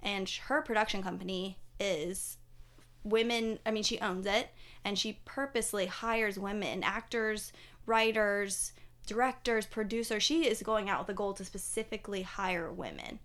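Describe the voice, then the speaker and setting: A young adult woman co-hosting a casual pop culture podcast, talking in a chatty, animated way with lots of fillers. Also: mid-range voice, normal speed. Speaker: podcast co-host.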